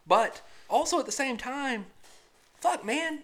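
A woman in her thirties, chatting casually on a podcast and telling profane, animated stories full of acted-out voices. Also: sits high, takes it slowly. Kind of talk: casual chat.

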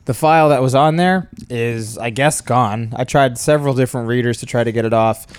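A man's voice: mid-range voice, fairly quick, clear, resonant tone, no echo. A man co-hosting a casual podcast, rambling and self-deprecating and laughing often. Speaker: podcast co-host. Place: home studio in New York. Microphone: portable recorder.

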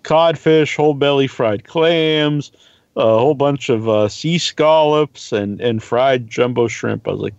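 This man co-hosts a podcast, chatting casually and drifting into long stories with lots of swearing. He speaks a little slowly in a mid-range voice with a darkish tone, and the recording is dry and slightly dull.

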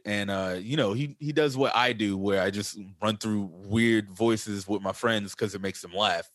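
A man with a fairly low voice co-hosts a podcast in a casual, joking way, trading banter and laughing easily. His voice is recorded close and dry, with no room echo. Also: normal speed, few pauses, fairly bright tone. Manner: laid-back, joking banter with frequent laughs. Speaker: podcast co-host. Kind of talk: casual chat.

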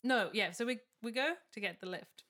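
A woman's voice: on the high side, moderate pace. Young woman telling a wild story on a podcast, laughing a lot, doing everyone's voices. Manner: animated, laughing storyteller who acts out quotes. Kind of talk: casual storytelling chat.

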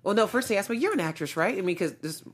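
Animated laughing actress from Texas. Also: female voice, medium pitch, very fast, husky. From suburbs of Houston, Texas. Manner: animated storyteller, laughs often. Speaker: actress, talk show guest. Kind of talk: casual chat.

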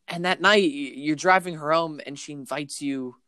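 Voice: medium pitch, normal speed, sharp tone, no room sound, clean studio sound. A podcast host spinning a playful, insistent improvised story in casual chat. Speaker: host leading an improvised scenario.

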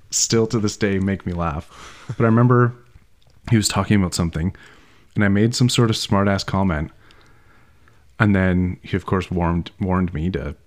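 Low-voiced man telling a funny story. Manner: laughing, animated anecdote telling. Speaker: podcast co-host. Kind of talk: casual storytelling chat.

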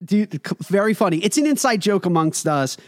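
A man's voice: sits high, animated, fairly quick. A man co-hosting a podcast, telling a story in a jokey, teasing way. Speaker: podcast co-host. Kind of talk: casual podcast chat. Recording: long reverb.

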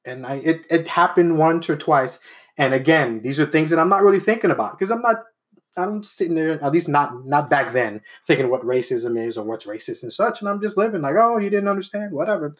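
A man's voice: a little high, lively intonation, fairly quick. A man in casual conversation who tells stories from his own life and acts out the voices of the people he quotes. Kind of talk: casual chat.

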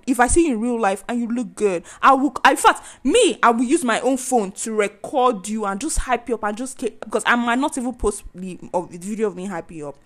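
A woman hosting a podcast, chatting casually in a loud, animated way. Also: medium pitch. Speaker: podcast host.

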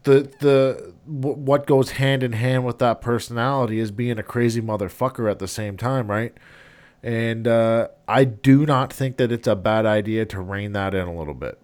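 A man's voice: mid-range voice, normal speed, a little mellow. A man hosting a podcast in casual chat, easygoing and blunt, with occasional swearing. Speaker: podcast host.

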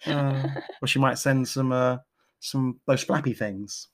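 A woman's voice: very deep voice, steady tone, measured pace. A woman hosting a podcast, chatting casually in a rambling, jokey, self-mocking way. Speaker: podcast host. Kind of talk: casual chat.

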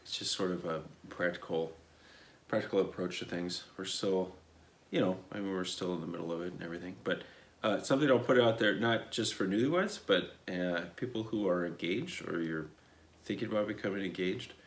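A man's voice: low-pitched, fairly quick. A man from Nebraska with a Midwestern American accent, co-hosting a podcast from a cabin with dry, laid-back humor, recorded through wireless earbuds. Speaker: podcast co-host. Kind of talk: casual podcast chat.

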